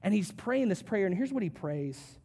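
A male pastor giving a conversational sermon, with joking asides and quick acted quotes. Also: high voice, sing-song, dark tone, breathy edge.

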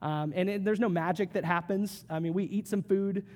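High-pitched guy pastor, chatty sermon, cracks little jokes, acts out quotes. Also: steady tone, a little mellow. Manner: conversational, joking asides, quick acted quotes.

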